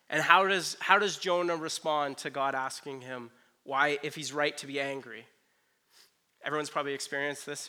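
A man preaching a conversational sermon. He retells a Bible story and acts out the characters' lines in quick asides. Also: a little high, bright, forceful tone. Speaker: pastor.

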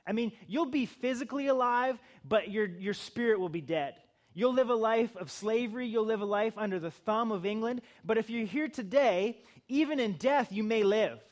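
A man's voice: high-pitched, moderate pace, few pauses. A middle-aged male pastor giving a conversational sermon, building to emphatic bursts.

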